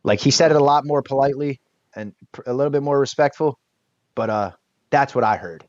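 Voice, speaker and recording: Male interview guest, casual lively storyteller, mid-pitched voice, muffled dry recording. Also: fairly quick. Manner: lively storyteller acting out what others said. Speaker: podcast guest. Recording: dull lo-fi dry sound.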